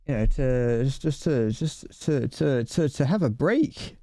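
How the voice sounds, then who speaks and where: A man's voice: medium pitch, lively intonation, unhurried, warm tone, no echo, studio quality. A man streaming a video game live, rambling and restarting his sentences, swearing at the game and a little out of breath. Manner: rambling, stumbles over words, swears. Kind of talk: casual live game commentary.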